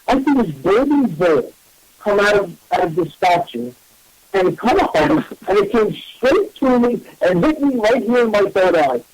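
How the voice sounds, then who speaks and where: A man, a psychic medium hosting a radio show, telling a story in a casual, animated and self-mocking way. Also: high voice, moderate pace, dry recording, rough recording.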